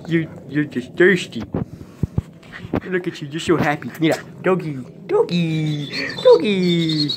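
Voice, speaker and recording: A man vlogs outdoors near a street, his voice rising and falling in a bouncy, animated way. He slips into playful baby talk to a dog and keeps the chat loose and casual. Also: on the high side, slow, long pauses, background noise. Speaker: vlogger.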